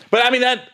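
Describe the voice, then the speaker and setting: Animated, laughing comedian telling road stories. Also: male voice, fairly high pitch. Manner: laughs often, acts out voices of others. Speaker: touring stand-up comedian. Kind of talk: casual storytelling chat.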